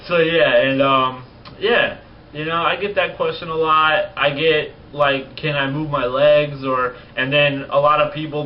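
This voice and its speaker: A man in his twenties talking casually on a vlog, blunt and profane, rants that get animated. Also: a little high. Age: 20s. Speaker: vlogger. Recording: distant lo-fi mic with faint noise.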